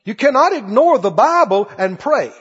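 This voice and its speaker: A man's voice: very high-pitched, very animated, normal speed, a bit bright, slightly rough. A man preaching a sermon with passion, acting out pleading prayers and the lines of scripture. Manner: impassioned, acts out pleading prayers and quotes. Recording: dull sound in a reverberant hall.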